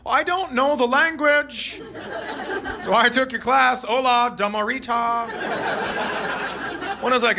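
A man's voice: high-pitched, brisk, background noise. A man from Minnesota doing a stand-up comedy routine, joking and acting out voices and sounds. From Minnesota, USA. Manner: animated, jokey, acts out voices and sounds.

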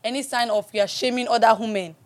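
Young nigerian woman cohosting, playful and teasing, highish voice. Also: steady tone, fast talker. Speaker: podcast co-host. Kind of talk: casual chat.

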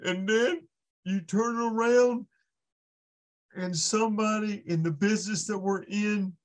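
A man's voice: high voice, steady tone, measured pace. Earnest man telling a faith story. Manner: earnest storytelling with many restarts. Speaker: podcast guest. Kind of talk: impassioned faith testimony.

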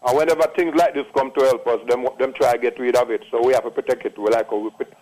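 A man's voice: mid-range voice, fairly even intonation, fast, a little mellow, poor audio. A man in his late sixties with a Jamaican accent, calling into a radio show and telling a long testimonial in an emphatic, repetitive patois manner. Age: 60s. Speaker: caller. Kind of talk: phone-in testimonial.

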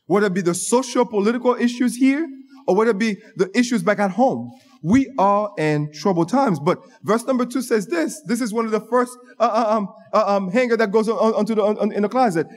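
A man's voice: high-pitched, a little fast. A man preaching a sermon, emphatic, often restarting his words mid-phrase. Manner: emphatic, with repeated restarts and stammers. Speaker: pastor.

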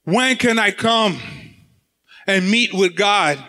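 A man's voice: sits high, slow, pushed and bright. A man preaching a sermon with impassioned, sing-song delivery and many repeated words.

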